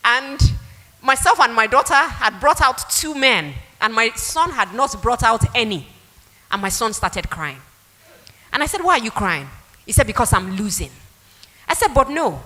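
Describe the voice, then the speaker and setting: A woman giving a public talk to parents, telling stories and acting out the dialogue. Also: a little high. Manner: animated storytelling, acts out dialogue. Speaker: speaker at a parenting event. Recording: long hall reverb.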